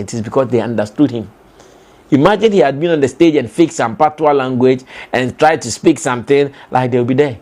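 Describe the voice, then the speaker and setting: A man's voice: on the high side, darkish tone. A young Ghanaian man with a Ghanaian accent giving emphatic entertainment commentary, full of rhetorical questions and fillers. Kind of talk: animated opinion commentary.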